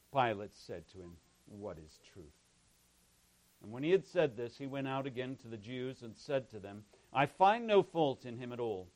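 A male pastor reads a scripture passage aloud in a measured, solemn manner, then prays and starts his sermon. His voice is mid-range, and the recording is rough.

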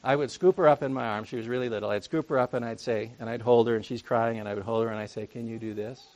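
A man's voice: medium pitch, fairly even intonation, fast, a little mellow, muffled recording. A man preaching a conversational sermon, full of jokey asides and rhetorical questions to the congregation.

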